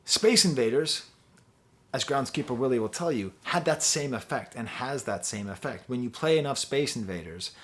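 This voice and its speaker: A man's voice: medium pitch, expressive, moderate pace. A man giving a rambling, enthusiastic spoken album review with lots of fillers. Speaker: music reviewer.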